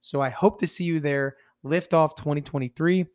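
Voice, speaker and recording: A man hosting a business podcast, upbeat and direct, his voice hoarse from losing it. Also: fairly high pitch, steady tone, moderate pace, a little mellow, no echo, clean studio sound. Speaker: podcast host. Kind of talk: casual podcast interview.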